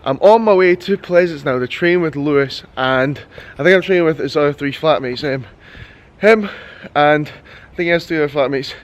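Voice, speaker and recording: A young man with a voice that sits a little high for a man, chatting straight to camera in a casual vlog. He tells stories in an excitable, rambling way and swears freely. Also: normal speed. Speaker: fitness coach and vlogger.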